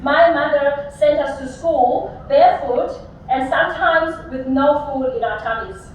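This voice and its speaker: Speaking a little slowly in a high register, a young woman from South Africa tells humorous stories from her own life as a commencement speaker at a big graduation venue. There's some hiss or hum, and the distant mic captures a dull, echoey hall.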